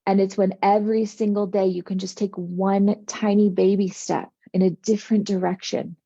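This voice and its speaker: A woman's voice: mid-range voice, level tone, moderate pace, mellow, no room sound, muffled recording. A middle-aged woman giving a motivational spiritual talk in an earnest, reassuring, soothing way. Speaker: spiritual coach.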